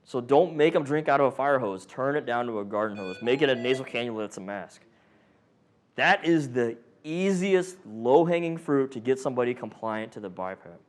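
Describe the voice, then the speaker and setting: Medium in pitch and moderate in pace, this man teaches a paramedic training class with a joking touch. Animated and playful, he quizzes the group and mimics both patients and monitors.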